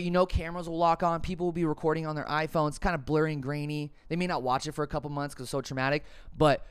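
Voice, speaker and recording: A man's voice: mid-range voice, smooth. A man hosting a podcast, telling a long story in a rambling, profane, jokey way. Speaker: podcast host. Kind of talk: casual storytelling monologue.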